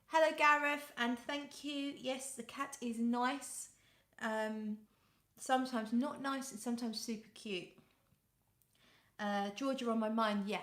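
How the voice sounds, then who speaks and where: A woman's voice: a little high, echoey room. Chatty British woman hosting a live stream. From United Kingdom. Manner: chatty, reads out viewer comments and greets them by name; coos softly when talking to her cat. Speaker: fragrance livestream host. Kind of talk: casual live-stream chat. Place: home room.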